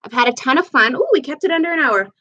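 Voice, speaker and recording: A woman's voice: sits high, expressive, quick pace, sharp tone, dull audio, a little hiss or hum. Chatty woman doing makeup live. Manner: chatty and meandering, talks while applying makeup. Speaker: livestream host. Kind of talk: casual live makeup chat. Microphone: camera mic on a live stream.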